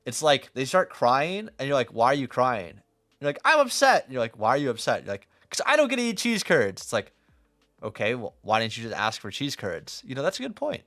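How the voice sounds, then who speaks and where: Fast, animated young man coaching gameplay. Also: medium pitch. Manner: blunt, profane, teasing critique. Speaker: game coach. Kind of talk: live-streamed gameplay coaching commentary.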